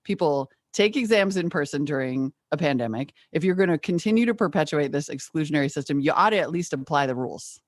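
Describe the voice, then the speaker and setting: A woman co-hosting a podcast, chatting casually and laughing easily. Her voice swings high when she gets excited. The sound is dry and close, with no room around it. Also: no echo. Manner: animated, laughs often, quick pitch jumps. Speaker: podcast co-host. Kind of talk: casual chat. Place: home studio.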